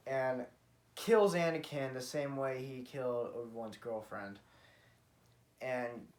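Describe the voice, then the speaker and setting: A man casually retelling a fan story, rambling with many fillers and correcting himself as he goes. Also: medium pitch. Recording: roomy echo.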